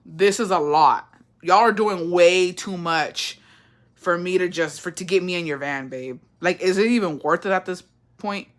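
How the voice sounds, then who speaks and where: A woman's voice: fairly low pitch, moderate pace. A young adult woman, chatting casually with her viewers, blunt, profane and playful, and calling them bestie. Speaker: livestream host reading viewer comments. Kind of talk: casual chat.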